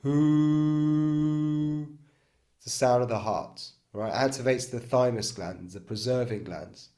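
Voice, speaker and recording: Calm man coaching a breathwork session. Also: lowish voice, normal speed. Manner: calm coaching with frequent "okay?" and "right?" check-ins; demonstrates chanted tones mid-talk. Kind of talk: guided breathwork instruction.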